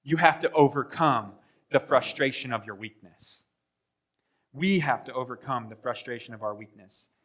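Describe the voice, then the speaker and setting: A man preaching a sermon as pastor, animated, acting out voices and swinging between loud bursts and hushed asides. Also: mid-range voice, normal speed. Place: church sanctuary.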